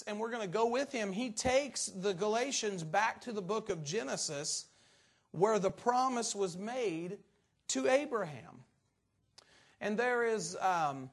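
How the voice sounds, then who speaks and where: With a voice that sits high, this man delivers a conversational sermon to his congregation. He is earnest and halting, frequently restarting his sentences.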